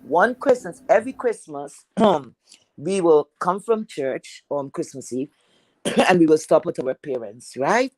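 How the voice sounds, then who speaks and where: A woman with a deep, heavy voice telling a personal story in a chatty, rambling way, full of fillers. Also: animated, unhurried, darkish tone, no echo, poor audio.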